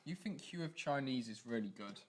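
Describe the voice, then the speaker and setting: A man's voice: medium pitch, animated, normal speed. A young man co-hosting a student radio show, bantering playfully with his co-host. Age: young adult. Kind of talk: casual livestream chat.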